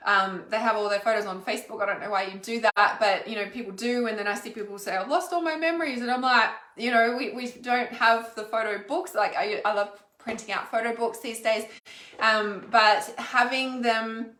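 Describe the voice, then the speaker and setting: A woman's voice: a little high, steady tone, normal speed, sharp tone, roomy sound. An Australian woman hosting a casual spiritual livestream, chatting in a rambling way with lots of fillers. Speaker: intuitive healer hosting a livestream.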